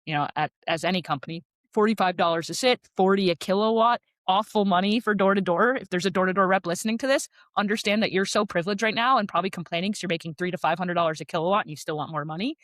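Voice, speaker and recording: A woman's voice: medium pitch, fairly bright tone, no echo. Chatty woman with a dry close sound. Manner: chatty, frequent "like" fillers, quick asides. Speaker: podcast guest, sales rep. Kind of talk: casual storytelling.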